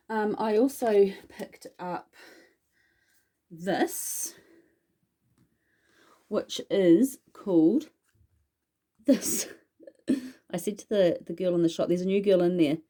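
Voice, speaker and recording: A woman with a low, mellow voice chats her way through a casual haul video. She rambles from one thing to the next and pokes gentle fun at herself, sounding like a witchcraft vlogger talking straight to her viewers. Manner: chatty and rambling, self-deprecating. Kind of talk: casual haul vlog chat.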